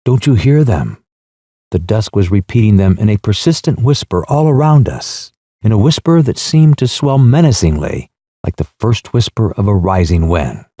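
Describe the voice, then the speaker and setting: Low, mellow male audiobook narrator. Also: dry recording, studio quality. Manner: measured, solemn, expressive. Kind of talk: scripted literary narration.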